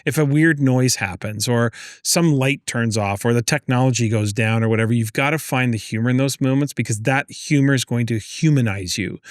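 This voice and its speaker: A man co-hosting a podcast, giving speaking advice in a casual, animated way, acting out little quotes as he goes. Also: medium pitch, a little fast, few pauses, no echo, studio quality. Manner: animated storyteller, acts out quotes, lots of "like". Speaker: podcast co-host and education consultant.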